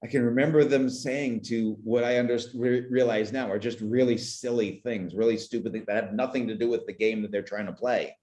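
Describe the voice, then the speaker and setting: Halting, emotional man in his forties. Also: medium pitch, fairly even intonation, a little mellow, reverberant. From Canada. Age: 40s. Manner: halting, repeats words and restarts, emotional. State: choked up. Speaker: podcast guest. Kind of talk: reflective conversational interview.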